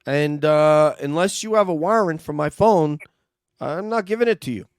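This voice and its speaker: A man's voice: fairly high pitch, lively intonation, normal speed, clear, resonant tone, no echo, studio quality, pitched above the performer's own voice. A man playing an evasive male suspect in a mock police interview, hesitant and defensive with lots of fillers. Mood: defiant. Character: evasive adult male suspect under questioning.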